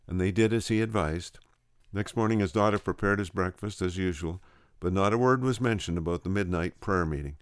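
A man's voice: a little fast, smooth, no echo, studio quality. A man retelling a revival story, stumbling and repeating words now and then. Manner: voices quoted speakers with raised pitch.

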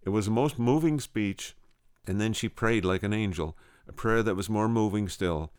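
A man with a low, smooth voice retells a story from a religious revival, now and then stumbling over a word. The recording is dry and close, with no room sound. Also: moderate pace, dry recording. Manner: voices quoted speakers with raised pitch; occasional stumbles and repeats.

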